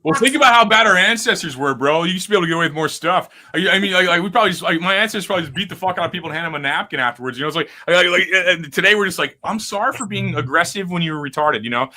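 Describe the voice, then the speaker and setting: A man's voice: high voice, rapid-fire, hardly any pauses, sharp tone. A man hosting a casual podcast chat, rambling and profane as he riffs on stories. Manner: rambling, profane, restless riffing. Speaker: podcast host.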